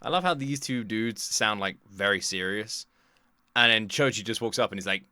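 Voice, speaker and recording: Excitable animated male reaction host. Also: mid-range voice, a little fast, no echo, studio quality. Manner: excitable, animated, jokey, swears freely. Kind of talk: casual reaction commentary.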